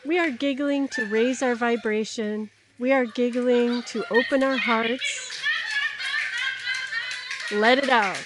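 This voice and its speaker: A woman guides a laughter yoga class in a high, unhurried voice, giggling and playful as she coaxes listeners along. Steady background noise runs under her voice. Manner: giggly, playful, encouraging, often breaking into laughter. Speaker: yoga instructor.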